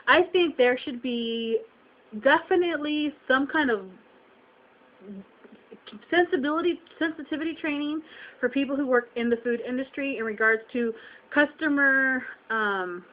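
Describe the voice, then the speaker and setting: A young woman with a slightly high voice vents to her webcam, upset and close to tears. She repeats herself and throws out rhetorical questions. The audio is dull and lo-fi. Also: measured pace. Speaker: vlogger. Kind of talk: emotional venting to camera.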